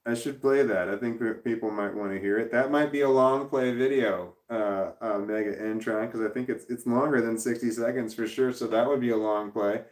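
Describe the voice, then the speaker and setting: A man in his forties hosts a casual livestream, reading viewer comments while rambling, swearing and cutting himself off. His mid-range voice holds a steady tone at normal speed with few pauses. The camera sits in front of him, and the room gives a noticeable echo.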